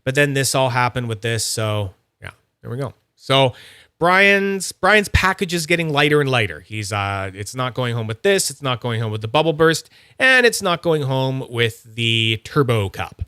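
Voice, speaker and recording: Chatty man with a bright, crisp voice. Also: medium pitch, very animated, moderate pace, no echo, studio quality. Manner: rambling, filler-heavy, chatty. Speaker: fidget toy reviewer. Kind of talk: casual unboxing chat.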